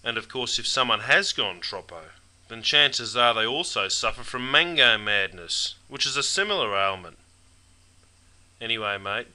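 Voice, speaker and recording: A man's voice: mid-range voice, bright, forceful tone, low-quality recording. An Australian man narrating a jokey scripted slang lesson, broad and playful, dropping mate into every line. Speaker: slang teacher.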